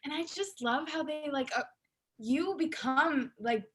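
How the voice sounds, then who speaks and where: A young woman, a guest on a podcast, telling stories in a lively, chatty way with many fillers. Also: high-pitched, unhurried. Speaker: interview guest. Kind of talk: casual interview chat.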